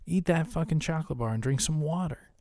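A man's voice: a little high, brisk, a little mellow, dry recording, clean studio sound. A man co-hosting a casual podcast, ranting with heavy profanity. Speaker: podcast co-host.

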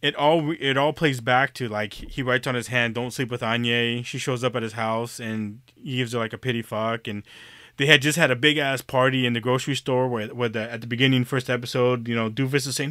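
Bright-voiced man in rambling casual chat. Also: mid-range voice, steady tone, a little fast, dry recording, clean studio sound. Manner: rambling, swears freely, laughs often.

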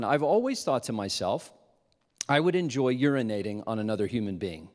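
Animated man preaching in a reverberant hall. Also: mid-range voice, fairly quick. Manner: animated, self-mocking storyteller who drops to a hushed tone for reflection. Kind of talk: sermon storytelling. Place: large hall with a live audience.

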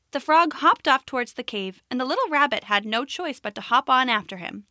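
A woman narrating a children's story in a gentle, expressive way. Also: sits high, a little fast, hardly any pauses, dry recording, clean studio sound.

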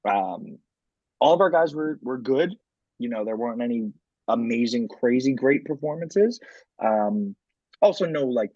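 A man's voice: medium pitch, a little mellow, dry recording, lo-fi sound. A man co-hosting a podcast, chatting casually about sports and leaning on lots of filler words. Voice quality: frequent filler words and restarts. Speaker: podcast co-host.

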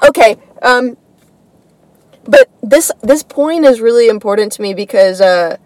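A woman's voice: on the high side, lively intonation, a little slow, darkish tone, dry recording, low-quality recording. Rambling woman comic, dry close sound. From United States. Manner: rambling, many fillers, swears freely. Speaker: comedy podcast host. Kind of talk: casual storytelling monologue.

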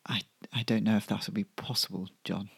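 A man's voice: lowish voice, steady tone, brisk, gravelly, slightly rough, no room sound, exaggerated voice. A man voicing a flustered, evasive wife who stammers and hesitates.

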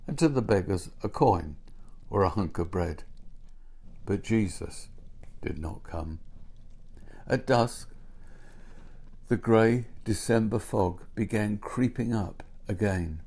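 A man reads a storybook aloud in a gentle, unhurried way. His voice is fairly low and has a gravelly texture. He takes his time over every sentence. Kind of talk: storybook narration.

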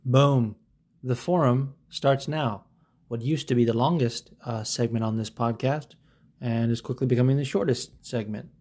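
A man hosting a podcast alone, talking in a rambling, excitable way and swearing freely. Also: mid-range voice, normal speed. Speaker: podcast host. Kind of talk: casual solo podcast chat.

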